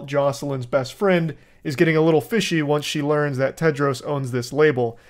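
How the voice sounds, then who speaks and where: A young man giving casual, rambling commentary on a TV show, crude and amused. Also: fairly high pitch. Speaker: show reviewer.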